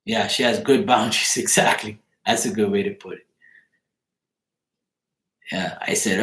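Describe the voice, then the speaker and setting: A man hosting a chat show, telling a story casually in an animated way, laughing and swearing freely. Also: on the low side, normal speed, pauses often, roomy sound.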